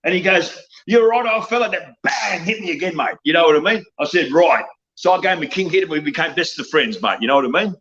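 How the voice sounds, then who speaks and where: A man's voice: a little high, expressive, fast, hardly any pauses, bright, forceful tone, muffled recording. An older Australian man, around seventy, rants bluntly and profanely as an interview guest, tagging "mate" onto nearly every line. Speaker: wrestling guest. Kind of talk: ranting interview talk.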